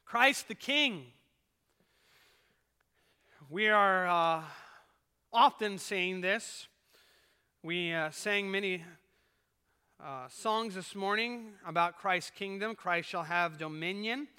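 A male pastor preaching a sermon at a live church service, building to loud emphasis and reading a poem with dramatic force. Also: sits high, smooth. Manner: preaches with rising emphasis, reads poetry dramatically. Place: church sanctuary. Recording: live church service with long hall reverb.

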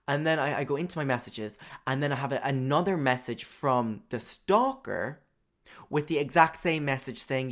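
A man's voice: mid-range voice, moderate pace, fairly bright tone. A young man casually telling a personal story, chatty and profane, with lots of filler words.

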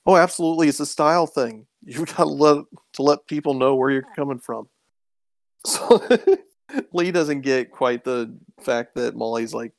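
A man's voice: mid-range voice, moderate pace, vocal fry, dry recording. Man, casual recap, rambling, dry close recording. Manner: rambling retelling with many ums and quoted lines. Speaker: podcast co-host recapping a show. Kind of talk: casual chat.

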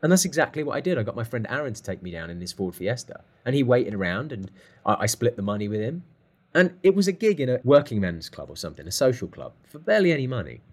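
A man telling a lively story as a guest, acting out the phone calls he describes. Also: mid-range voice, fast talker, husky. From England. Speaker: guest drummer. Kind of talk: casual storytelling.

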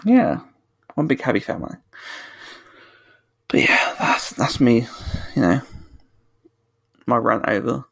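Gravelly British man ranting on a podcast. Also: mid-range voice, big pitch swings, slow, long pauses, fairly bright tone, dry recording. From United Kingdom. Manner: ranting, sweary, self-correcting. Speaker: podcast co-host. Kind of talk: casual chat.

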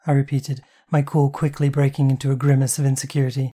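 Mellow-voiced author reading an audiobook. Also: medium pitch, level tone, fast talker, husky. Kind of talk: reading own novel aloud.

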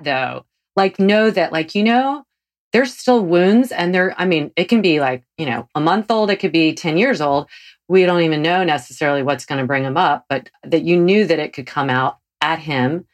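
A woman in her forties hosts a relaxed chat, and her voice sits low in its usual range. She gushes freely and her pitch jumps high when something delights her. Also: moderate pace. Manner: effusive, gushing, with pitch leaps. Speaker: podcast host. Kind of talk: casual interview chat.

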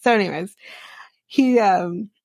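A woman's voice: mid-range voice, slow, gravelly, a little mellow, no echo, studio quality. Sarcastic, profane woman podcast host. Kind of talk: casual reality TV recap.

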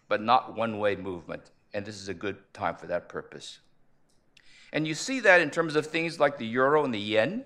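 A man speaking at a conference panel, measured and analytical, posing rhetorical questions as he lays out his argument. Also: fairly low pitch, sing-song, fairly bright tone. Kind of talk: conference presentation.

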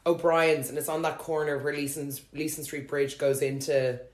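A woman's voice: low voice, steady tone, normal speed. Woman telling a story, swearing freely. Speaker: podcast co-host. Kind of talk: casual chat. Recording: roomy echo.

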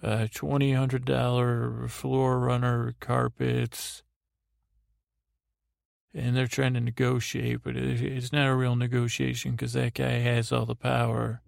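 A man's voice: mid-range voice, monotone, measured pace, creaky, no echo, studio quality. A man hosting a bedtime podcast, recapping a TV episode in a meandering way, with many restarts and quoted lines in his own voice. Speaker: podcast host. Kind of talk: rambling sleepy episode recap.

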